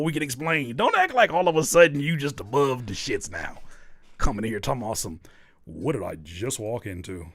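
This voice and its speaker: Animated man with a gravelly voice. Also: a little high, dry recording, clean studio sound. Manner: animated, teasing, mock-scolding. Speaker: livestream host reading chat. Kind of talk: casual livestream chat.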